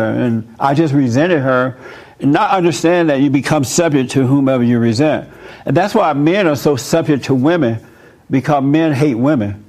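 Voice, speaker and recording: Man preaching casually in a fairly high voice. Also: darkish tone. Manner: conversational, personal stories, chuckles often. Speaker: preacher answering listener questions. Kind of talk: informal sermon.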